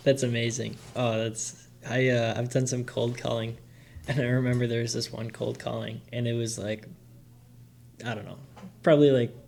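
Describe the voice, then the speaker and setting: A man's voice: medium pitch, flat delivery, normal speed, gravelly, darkish tone. A man hosting a podcast, chatting in an easygoing way and laughing readily. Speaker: podcast host. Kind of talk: casual podcast chat.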